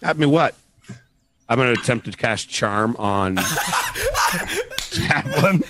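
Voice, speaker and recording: A man's voice: mid-range voice, animated, moderate pace, heavy background noise. A man playing a tabletop game, arguing in a quizzical, argumentative way. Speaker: player. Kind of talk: casual game chat.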